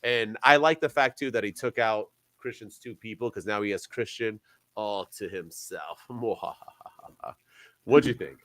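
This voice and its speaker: A young man co-hosting a casual wrestling podcast, talking with sarcasm and swinging between loud bursts and quiet asides. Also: fairly low pitch, measured pace, no room sound. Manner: animated, sarcastic, jumps between loud and soft. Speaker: podcast co-host.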